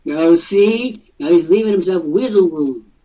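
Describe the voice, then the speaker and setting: Male host, husky and high-voiced, jokey coaching talk; dull distant webcast sound. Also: a little slow, mellow. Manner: jokey, teasing, breaks into mock voices.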